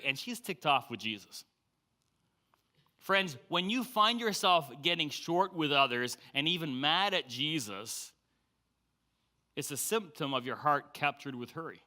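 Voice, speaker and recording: Male pastor, sermon delivery, brassy and bright tone, acts out quotes with energy. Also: medium pitch. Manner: lively storytelling, acts out quoted voices. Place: church sanctuary.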